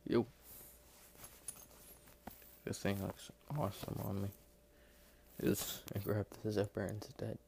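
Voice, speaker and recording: A man's voice: lowish voice, flat delivery, slow, creaky, long pauses, dark tone, a little hiss or hum. A man casually narrating an unboxing in his home kitchen, talking to a phone camera, rambling and self-deprecating with lots of fillers and apologies. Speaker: unboxing vlogger. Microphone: phone camera with headphones plugged in.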